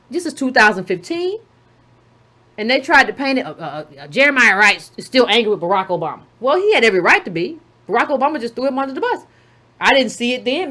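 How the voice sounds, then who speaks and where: A woman's voice: high voice, fairly bright tone. A woman giving a sarcastic political commentary monologue, full of rhetorical questions and mocking asides.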